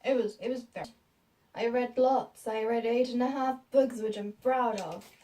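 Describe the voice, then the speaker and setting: A woman's voice: fairly high pitch, fairly even intonation, moderate pace, dark tone, distant mic, slight background noise, rough recording. A British young woman in her late teens, telling a story to camera in a rambling, giggly, self-mocking way. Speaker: vlogger.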